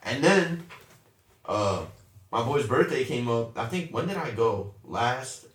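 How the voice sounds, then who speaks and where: A young man talks casually and curses freely, spinning an animated, slangy story with his friends. His voice sits mid-range. It comes through a roomy space, a little off the mic. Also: medium pitch, takes it slowly. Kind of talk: casual chat. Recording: roomy echo, a bit far from the mic.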